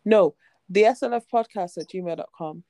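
A woman's voice: mid-range voice, moderate pace, mellow, no echo. A young woman from co-hosting a podcast, chatty and teasing, and sounding sleepy. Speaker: podcast co-host. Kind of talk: casual chat.

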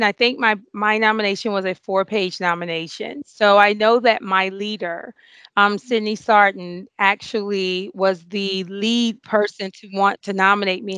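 A woman in her forties, a nurse being interviewed, telling an emotional story with many fillers and excited outbursts. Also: mid-range voice, clear, resonant tone, dry recording. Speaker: award-winning nurse guest.

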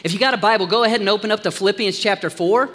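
A man preaching as a pastor, upbeat and joking with the congregation, dropping to a hushed tone in prayer. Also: high voice, racing, big-room sound. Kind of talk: sermon. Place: church sanctuary.

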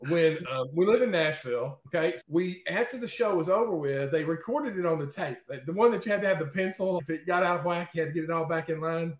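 A man guest in an interview, telling stories in a lively, chatty way and often checking in with "okay?" and "right?". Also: on the high side, quick pace, few pauses, roomy sound. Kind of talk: casual storytelling in an interview.

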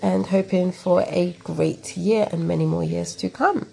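A woman with a London accent hosting a call-in chat, slow and hesitant with many fillers. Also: lowish voice, fairly even intonation, vocal fry, warm tone, slightly rough. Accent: London English. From England. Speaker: host. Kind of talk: casual chat.

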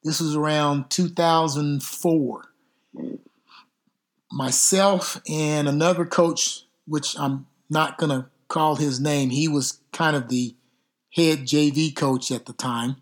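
A middle-aged man, a football coach hosting a podcast, telling stories casually in an unhurried, drawn-out way with some mild cursing. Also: a little high, fairly even intonation. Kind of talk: casual storytelling.

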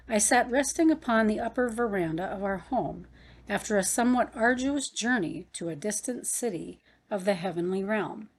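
A woman narrating a story in a measured, earnest reading voice. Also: mid-range voice. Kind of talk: audiobook narration.

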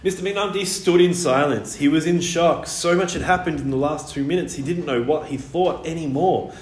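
A man reading a children's story aloud, animated, with wide swings in pitch and loudness. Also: moderate pace. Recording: echoey room with faint ambience.

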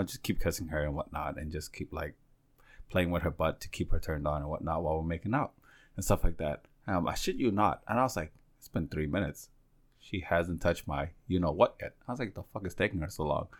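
A man's voice: low-pitched, a bit bright. A young man hosting a casual chat, telling a crude, rambling story full of fillers.

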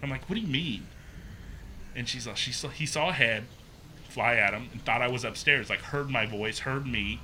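A young man casually telling a ghost story, animated and acting out the quotes. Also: moderate pace, slight background noise. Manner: animated, acts out quotes with pitch jumps.

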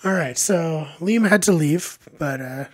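A man's voice: fairly high pitch, expressive, unhurried. Man hosting a podcast interview. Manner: frequent short backchannels, hesitant questions with ums. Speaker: podcast host.

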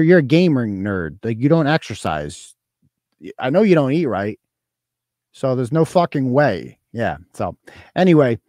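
A man's voice: medium pitch, a little mellow, no room sound. A man hosting a casual livestream, talking in a crude, mocking, profane way. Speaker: host.

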